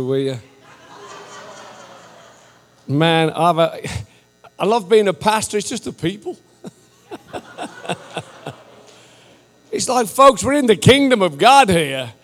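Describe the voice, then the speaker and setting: A man preaching to a church, joking and animated, laughing often and rising almost to a shout. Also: high voice. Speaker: visiting missionary preacher. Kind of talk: sermon, casual and joking. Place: large church hall. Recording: live church hall with reverb and faint music.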